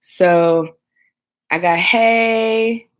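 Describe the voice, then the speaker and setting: A woman's voice: fairly high pitch, very slow. A tired woman, a dispatcher chatting casually on a storytime livestream, rambling with lots of fillers. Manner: rambling, many fillers, reads viewer comments aloud. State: tired and sleepy. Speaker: 911 dispatcher and video host.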